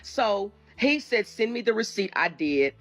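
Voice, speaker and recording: A woman's voice: mid-range voice, big pitch swings, measured pace. A woman telling her own story in a video clip, indignant, acting out what she and the other person said. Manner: indignant storytelling, acting out both sides of a conversation.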